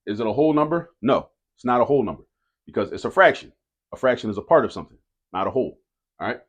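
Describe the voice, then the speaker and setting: A man explains math to students in a relaxed, conversational way. He drills each rule by saying it again and again. His voice sits at an ordinary middle pitch. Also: quick pace. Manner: repeats key rules for emphasis, casual and direct. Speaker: math teacher.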